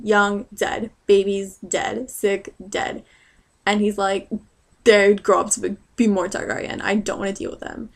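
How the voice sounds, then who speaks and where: A young woman casually recapping a book chapter in a rambling, sarcastic way, full of fillers and side jokes. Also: medium pitch. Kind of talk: casual chat.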